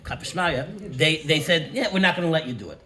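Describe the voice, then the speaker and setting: A study-group member explains his point in a measured way, building it step by step. His voice sits slightly high. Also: animated, pushed and bright. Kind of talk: Talmudic study discussion.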